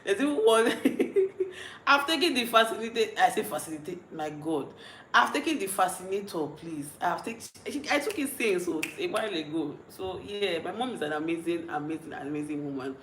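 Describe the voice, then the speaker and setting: A young Nigerian woman with a Nigerian accent, chatting casually on a livestream, reading out comments and rambling with frequent giggles and restarts, a little tipsy and mellow. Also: fairly low pitch, lively intonation, fairly quick, echoey room, a little hiss or hum, poor audio. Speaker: vlogger.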